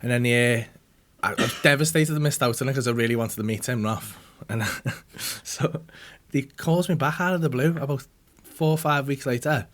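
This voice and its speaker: Before a live audience in a podcast studio, a comedian hosting his show tells a sweary anecdote in an animated way. His voice is medium in pitch at a normal speed, and he acts out what the other people said.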